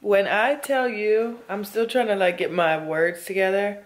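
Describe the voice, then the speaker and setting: Woman, vlogger, worn out, chatty and emphatic, mid-pitched voice. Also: steady tone, measured pace. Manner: chatty, emphatic, addresses viewers as y'all. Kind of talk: casual talk to camera.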